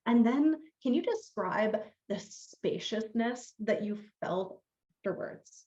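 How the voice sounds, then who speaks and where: A woman's voice: medium pitch, slow pace, darkish tone. A woman hosts a live-streamed conversation over a video call, enthusiastic and affirming toward her guest and the viewers. Her voice sits in a roomy space with noticeable echo. The call audio sounds dull and lo-fi. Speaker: host.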